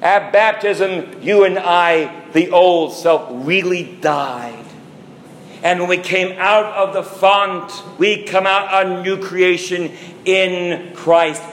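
A man preaching a sermon as a priest, slow and deliberate, building emphasis through rhetorical questions. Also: a little high, slight background noise. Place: church. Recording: echoey church with long reverb.

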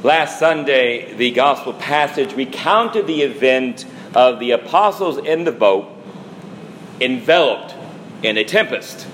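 A man preaches a sermon as a priest in a slow, measured cadence. His pitch sits in an ordinary middle range. A faint hum of room ambience lingers behind his voice. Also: animated, fairly bright tone, low-quality recording. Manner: slow, measured preaching with dramatic quoted lines.

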